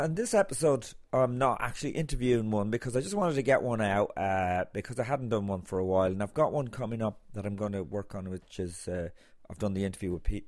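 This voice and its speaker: A man's voice: lowish voice, darkish tone, dry recording. Irish man, dry close podcast monologue. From Ireland. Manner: rambling, many fillers and restarts. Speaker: podcast host and comedian.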